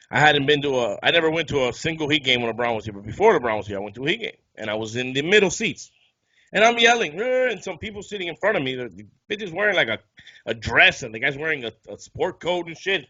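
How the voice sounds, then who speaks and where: A man co-hosting a podcast in casual chat, quick to rib his co-host and tell his own stories. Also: fairly high pitch, animated, no room sound, highs cut off. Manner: quick, bright-toned banter and ribbing.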